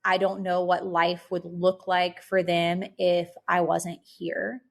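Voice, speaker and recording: Low gravelly woman, flat delivery. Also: slow. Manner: reflective, rambling, lots of "like" and "um". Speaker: podcast co-host. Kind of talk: casual podcast chat.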